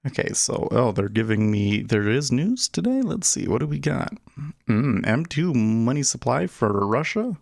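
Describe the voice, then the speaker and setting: A man's voice: medium pitch, sing-song, moderate pace, creaky, dry recording, studio quality. Chatty man hosting a trading livestream. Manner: chatty, thinks aloud while working his trading screen; laughs easily, loose and joking. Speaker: day trading livestream host. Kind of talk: casual live-stream commentary.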